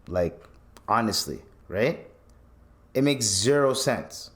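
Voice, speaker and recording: Animated man ranting on a podcast. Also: on the low side, measured pace, long pauses. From Canada. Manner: animated storytelling, acts out quotes, swears freely. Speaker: podcast host. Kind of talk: casual commentary rant.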